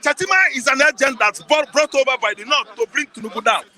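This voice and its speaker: A man's voice: very high-pitched, animated, fast talker, bright, forceful tone, soft background music, poor audio. A man with a Nigerian accent giving heated political commentary as a guest, emphatic and repetitive, pressing the listener with rhetorical questions.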